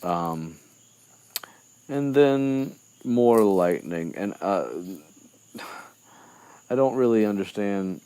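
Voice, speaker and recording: A man's voice: on the low side, animated, extremely slow, long pauses, dark tone, clean tone. A man recapping a book chapter in loose, rambling chat, with lots of fillers and restarts. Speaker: podcast host.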